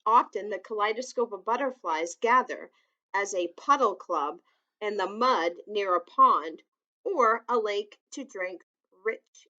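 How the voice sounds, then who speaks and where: A woman reading a children's picture book aloud, gently adding asides that explain things to young listeners. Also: medium pitch, lively intonation, measured pace, highs cut off.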